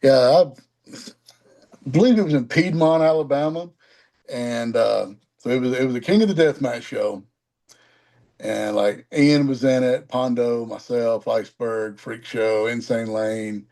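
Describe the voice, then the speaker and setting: A man's voice: mid-range voice, a little slow, darkish tone. A man, a former wrestler, answering interview questions in a casual, reflective way.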